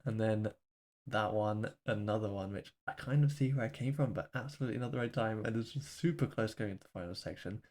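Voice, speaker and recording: A low-pitched man talks over replay footage of his own match. His commentary is candid and self-deprecating, and he breaks down each mistake at an easy, conversational pace. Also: darkish tone. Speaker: gaming video host.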